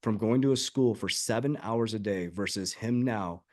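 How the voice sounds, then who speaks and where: A man with a lowish voice speaks on a podcast conversation. He talks like the life coach he is, earnest and emphatic, driving his points home through personal stories. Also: moderate pace, a little mellow.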